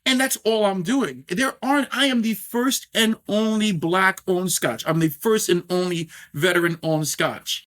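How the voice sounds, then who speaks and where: Middle-aged man from New York, slightly high voice, animated, talks in starts and restarts; guest on a podcast. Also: unhurried, few pauses. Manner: animated, many fillers and restarts. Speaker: guest, scotch brand owner. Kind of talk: podcast interview.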